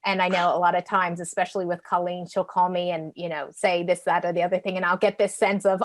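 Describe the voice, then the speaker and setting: A woman's voice: mid-range voice, brisk, few pauses, dry recording, studio quality. A woman on a podcast, talking reflectively and earnestly about feeling not enough. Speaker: podcast co-host. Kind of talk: casual podcast conversation.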